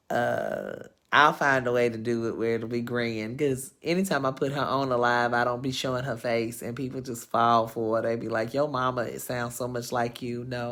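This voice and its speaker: A woman in her thirties hosting her own live vlog, telling personal stories to viewers in a frank, profane, rambling way. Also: rumbling low. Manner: frank and profane, rambling with lively swings in emphasis. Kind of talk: casual storytelling to viewers.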